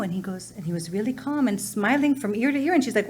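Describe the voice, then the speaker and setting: A woman's voice: medium pitch, fast, few pauses, husky. A woman co-hosting a talk show, telling anecdotes animatedly and acting out the quotes. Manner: animated storyteller, acts out quotes. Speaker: co-host. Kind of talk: casual talk show storytelling.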